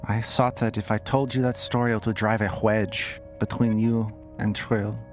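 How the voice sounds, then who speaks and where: A man voicing an anxious young woman cultist who speaks in a thick, precise accent, with halting, formal phrasing. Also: on the low side, flat delivery, soft background music, close to an everyday voice. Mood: wistful.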